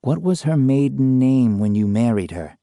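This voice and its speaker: A man voicing a calm, persistent male parapsychologist who questions patiently and evenly. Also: mid-range voice, normal speed, dry recording, studio quality, lightly acted. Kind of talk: dramatized ghost story reading.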